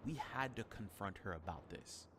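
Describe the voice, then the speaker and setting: A man with a somewhat low voice narrates a documentary in a measured, explanatory way. A clear noise bed runs under his voice. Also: animated.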